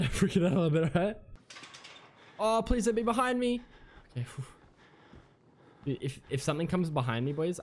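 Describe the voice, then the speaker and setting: A man's voice: mid-range voice, a little mellow, a little hiss or hum. A man playing a horror game, swearing constantly and breaking into panicked yelps and nervous laughter. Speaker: gamer.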